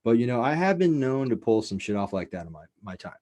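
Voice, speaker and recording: A man's voice: mid-range voice, big pitch swings, fast, a little mellow. A man hosting a podcast, telling a rambling, profane story in a loose, casual way and filling it with "like" and "you know.". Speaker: podcast host.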